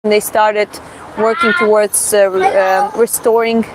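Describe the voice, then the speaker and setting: A young woman from Georgia with a Georgian accent gives a casual live-streamed walking tour, talking haltingly with many fillers and restarts. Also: medium pitch, level tone. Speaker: vlogger giving a city walking tour. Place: outdoors on a city street. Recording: faint street traffic behind.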